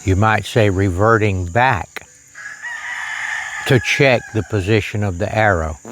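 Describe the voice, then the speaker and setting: Slow-talking man on a lavalier outdoors. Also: fairly low pitch, a bit bright, a little hiss or hum. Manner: slow, plain-spoken, preacherly asides. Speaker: archery vlogger. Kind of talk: casual outdoor demonstration with faith reflections. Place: outdoors on a rural property. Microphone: lavalier on shirt.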